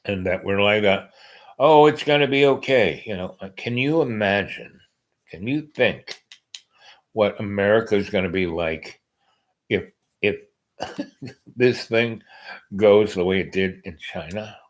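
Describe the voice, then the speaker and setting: A man's voice: fairly low pitch, a little slow, pauses often, rough recording. A man hosting a podcast, talking in a meandering casual monologue with many fillers and restarts. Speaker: podcast host.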